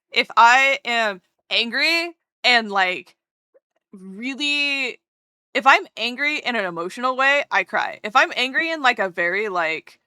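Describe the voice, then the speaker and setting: A woman streamer rambling and gushing in a casual chat while she draws, often breaking off mid-thought. Her voice is slightly high, bright, and smooth, recorded close and dry. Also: no echo. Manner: gushing, rambling, self-interrupting.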